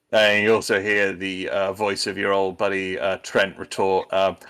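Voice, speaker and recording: A man running a tabletop role-playing game as game master, narrating in a halting way with frequent ums and restarts. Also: low-pitched, flat delivery, a bit bright, smooth. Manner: hesitant, many ums and restarts.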